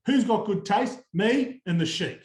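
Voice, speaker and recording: An Australian man co-hosting a podcast, chatting and joking in casual banter, quick to laugh. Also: sits high, animated, a little mellow. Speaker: podcast co-host. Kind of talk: casual banter about horse racing. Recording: roomy echo.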